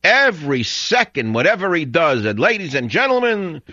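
A man's voice: a little high, sing-song, moderate pace, pushed and bright, dry recording, muffled recording. A man hosting a talk radio show, ranting in a sarcastic, combative monologue.

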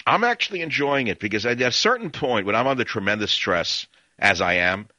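Older opinionated talk radio host. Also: male voice, medium pitch, animated, a little fast, sharp tone, no room sound, lo-fi sound. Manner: rambling, opinionated, sarcastic.

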